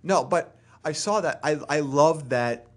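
A man's voice: fairly high pitch, a little slow. A man co-hosting a podcast in casual chat, bantering and conversational. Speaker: podcast co-host.

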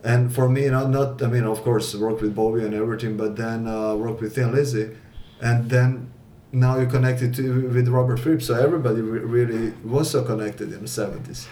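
A man's voice: medium pitch, fairly even intonation, normal speed, few pauses, dark tone. Man talking music in an echoey room. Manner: hesitant, many fillers and restarts. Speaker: podcast co-host. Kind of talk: casual chat about rock music. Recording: echoey room with faint noise.

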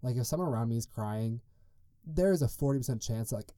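Chatty young man with a dark voice. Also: medium pitch, expressive, a little fast, dry recording, studio quality. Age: young adult. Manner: chatty, rambling, lots of "like" and tangents. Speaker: podcast host. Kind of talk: casual solo podcast storytelling.

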